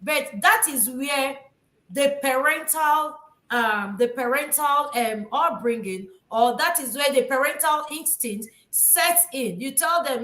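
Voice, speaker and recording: A woman hosting a casual discussion, talking haltingly with many fillers and restarts. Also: sits high, fairly bright tone. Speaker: talk show host. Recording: echoey room.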